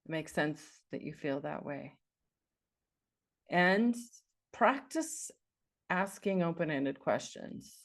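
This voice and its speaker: A woman's voice: low-pitched, animated, slow pace, long pauses. A woman life coach giving an earnest, encouraging talk, repeating phrases for emphasis.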